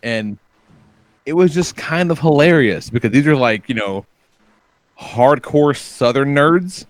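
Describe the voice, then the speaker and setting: A man's voice: medium pitch, animated, a little slow, no echo. Laid-back swearing podcast man. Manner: laid-back storyteller, swears freely, chuckles often. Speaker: podcast co-host. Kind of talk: casual podcast banter.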